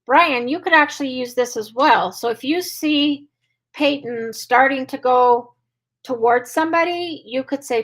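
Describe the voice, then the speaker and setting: Chatty higher-voiced woman dog trainer. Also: a little slow, a bit bright, rough recording. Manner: chatty, with frequent "um" and "like". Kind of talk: casual live Q&A, answering viewer questions.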